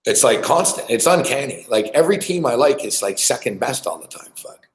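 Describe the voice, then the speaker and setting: A man's voice: medium pitch, reverberant, poor audio. A man hosting a sports betting show, ranting with constant swearing and frustration while he follows a live game. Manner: swears constantly, frustrated and exasperated, shouting at players. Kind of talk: profane live sports rant.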